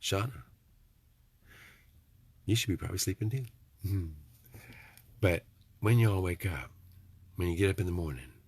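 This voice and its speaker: A man's voice: sits low, animated, moderate pace, pauses often, breathy edge, no room sound. A middle-aged man, rambling in a folksy, preachy vlog monologue with joking asides. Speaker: vlogger.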